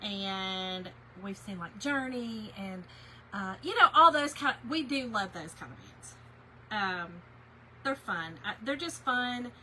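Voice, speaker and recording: Bright-voiced chatty woman. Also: mid-range voice, slight background noise, poor audio. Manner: chatty, chats with viewers while working, many fillers. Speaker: craft business owner demonstrating on a livestream. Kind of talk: casual livestream craft tutorial.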